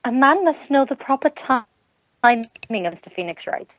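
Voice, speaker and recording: A woman's voice: high-pitched, lively intonation, moderate pace, a bit bright, highs cut off, slight background noise. A woman voicing a smug, theatrical female prosecutor in a game dub, mocking and dramatic. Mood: haughty. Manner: mocking, dramatic line reading. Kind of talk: dubbing game text aloud with friends.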